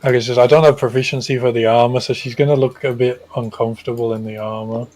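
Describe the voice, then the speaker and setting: A man chatting as a player in a tabletop game, asking quick questions. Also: mid-range voice, steady tone, a little mellow, rough recording. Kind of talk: casual tabletop game chat.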